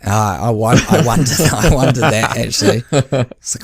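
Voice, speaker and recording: With a slightly rough, mid-range voice at a moderate pace, this man chats on a casual podcast, sharing stories from his work as a running coach. He acts out quoted dialogue and laughs along the way. There's no room sound.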